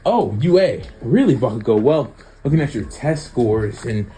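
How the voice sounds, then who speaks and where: An easygoing middle-aged schoolteacher, as a man puts him on. He talks in a breezy, casual manner. The tone is mellow and soft. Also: medium pitch, very animated, normal speed, natural voice.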